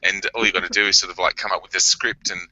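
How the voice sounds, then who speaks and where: A man's voice: low voice, level tone, fast, bright, forceful tone, a little hiss or hum. An Australian man in a casual group chat, joking, swearing and laughing a lot. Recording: dull lo-fi sound.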